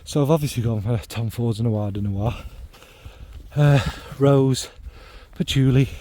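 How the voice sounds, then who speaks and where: A man's voice: medium pitch, measured pace, warm tone. A middle-aged man from the North Midlands, chatting casually about fragrances in a rambling, self-deprecating way full of ums and asides. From North Midlands of England. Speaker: fragrance vlogger. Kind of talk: casual spoken monologue.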